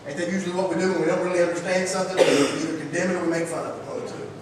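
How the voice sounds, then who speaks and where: A man preaching a sermon in a folksy, energetic way, full of rhetorical questions, in a church sanctuary. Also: a little high, very fast, slight background noise. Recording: echoey church hall, distant mic.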